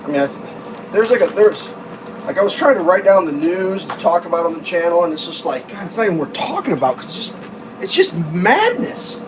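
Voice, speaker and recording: A streamer on a live broadcast, venting with a profane, sarcastic edge. The pitch swings widely as they talk, and clear background noise sits under the voice. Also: very animated, brisk, far from the mic. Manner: profane, exasperated, sarcastic ranting. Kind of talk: casual live-stream rant.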